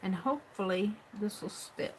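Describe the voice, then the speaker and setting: The audio is poor with slight background noise as a medium-pitched woman, speaking at a moderate pace, hosts a live craft stream. She thinks aloud as she works, drifting off mid-thought and murmuring under her breath.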